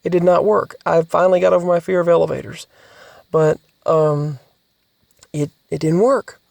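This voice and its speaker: A vlogger in a casual podcast-style monologue who talks haltingly, restarts often and repeats words, and sometimes drops to soft, near-whispered asides. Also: medium pitch, fairly even intonation, gravelly, no room sound.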